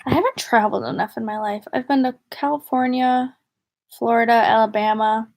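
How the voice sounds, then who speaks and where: Chatty young woman vlogger, slightly high. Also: brisk, gravelly, darkish tone. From northern United States. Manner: chatty, rambling, giggly. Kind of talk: casual livestream chat.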